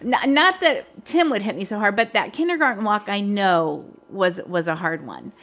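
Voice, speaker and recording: A woman's voice: mid-range voice, lively intonation, normal speed, a bit bright. Middle-aged pastor's wife, candid, reflective, just chatting about her life. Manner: candid, reflective, personal storytelling. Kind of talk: casual chat.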